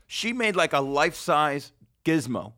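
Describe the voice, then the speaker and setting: A man hosting a podcast, telling rambling, foul-mouthed stories in casual chat, his voice slightly hoarse. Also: a little high, sing-song, a little slow, bright, forceful tone. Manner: rambling storyteller, swears freely, laughs often. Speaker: podcast host.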